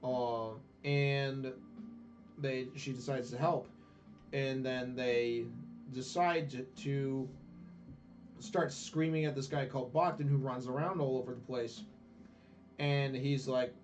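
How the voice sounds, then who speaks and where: A man's voice: mid-range voice, takes it slowly, a little mellow. Rambling, irreverent gamer man. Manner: rambling, irreverent, filler-heavy. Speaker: let's player. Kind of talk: casual game story recap. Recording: distant dull lo-fi recording with faint music.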